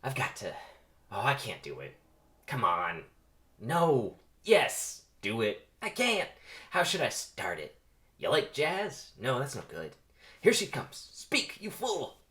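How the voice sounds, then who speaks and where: A man's voice: lowish voice, sing-song, unhurried, bright, forceful tone, reverberant, full character voice. A man voicing a nervous, polite young male bee in a comedic script reading. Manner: nervous and rambling.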